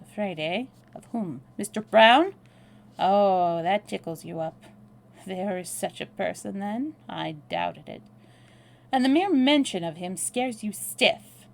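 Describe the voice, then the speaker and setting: A woman's voice: medium pitch, expressive, slow pace, vocal fry. A woman reading aloud, voicing a blunt young American man who drawls, speaks dryly and makes threats. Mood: taunting. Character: brash, blunt young American man, cool under pressure. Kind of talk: read-aloud novel dialogue.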